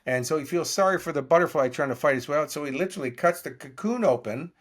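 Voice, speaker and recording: A podcast guest in his sixties speaks quickly and at a fairly high pitch during a storytelling interview. Animated throughout, he acts out the dialogue of the people in his stories.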